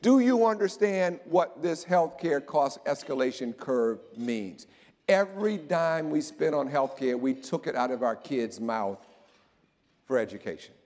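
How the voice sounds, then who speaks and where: A man giving an animated, joking conference talk about slides to a live audience. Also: fairly high pitch, a little slow. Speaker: keynote speaker. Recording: long hall reverb.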